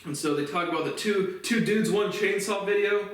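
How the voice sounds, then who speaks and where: A man's voice: high-pitched, normal speed. A man giving a profane, aggrieved solo monologue full of restarts and repeated words. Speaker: host of a solo commentary series. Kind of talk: casual rambling monologue. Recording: very echoey room, voice from a distance off the mic.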